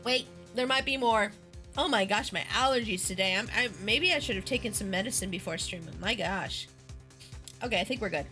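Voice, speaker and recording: A woman's voice: mid-range voice, fairly quick, pushed and bright, soft background music. A woman streamer chatting playfully while playing through a game. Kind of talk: casual game-stream commentary.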